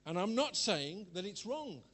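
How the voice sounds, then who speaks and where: A high-pitched older man preaches a sermon. He wanders into personal stories and chuckles at his own jokes. His delivery is chatty rather than formal. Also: very animated, a little slow, fairly bright tone. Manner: chatty, rambling storyteller who laughs at himself.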